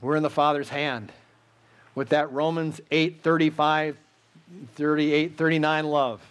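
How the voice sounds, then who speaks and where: A man preaching a sermon in an earnest, repetitive cadence with pauses, then leading a prayer. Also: fairly high pitch, flat delivery, clean tone. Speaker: pastor.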